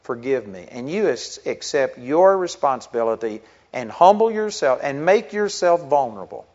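A man's voice: on the high side, animated, moderate pace, a little mellow. Earnest middle-aged male pastor preaching. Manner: earnest, conversational preaching with rising emphatic stretches. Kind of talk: sermon. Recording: dull lo-fi recording.

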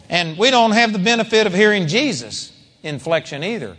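A man's voice: sits high, very animated, fairly quick, sharp tone, big-room sound. A man preaching a sermon in a conversational style with dramatic emphasis.

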